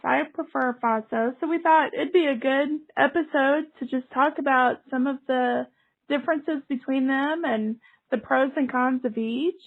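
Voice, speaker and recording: A woman with a high voice co-hosts a casual podcast, chatty and quick to giggle. She talks through her points loosely, trailing off and laughing along the way. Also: phone-quality sound. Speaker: podcast co-host. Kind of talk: casual chat.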